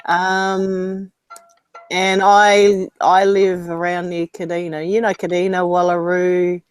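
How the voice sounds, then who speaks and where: A man's voice: high voice, monotone, slow, smooth, dry recording, soft background music. A man with an Australian accent from South Australia, chatting in a laid-back, hesitant way in a group voice chat.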